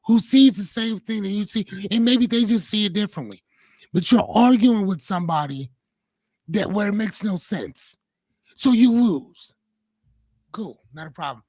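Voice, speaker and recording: A man's voice: high-pitched, moderate pace, no echo. A man in his forties, co-hosting a podcast in casual chat, telling a fable loosely with small hesitations. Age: 40s. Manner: relaxed storyteller, paraphrasing a fable with hesitations. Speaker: podcast co-host.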